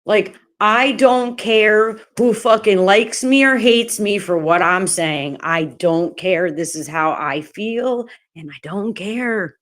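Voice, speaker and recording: A woman's voice: mid-range voice, slow, hardly any pauses, fairly bright tone. A woman hosting a casual livestream, ranting angrily and swearing, repeating herself often. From New Jersey, USA. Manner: angry, profane, repeats herself. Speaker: livestream host.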